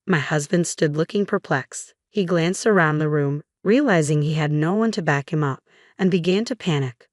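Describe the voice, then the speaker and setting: A woman tells a first-person drama story in an even, measured delivery. Her voice is low for a woman, and the recording is dry and close with no room sound. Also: dry recording. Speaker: narrator.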